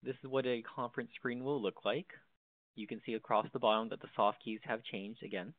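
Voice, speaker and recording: A man's voice: medium pitch, fairly even intonation, brisk, no room sound. Man, tutorial presenter, step-by-step explaining, dry tinny phone-like sound. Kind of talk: instructional walkthrough.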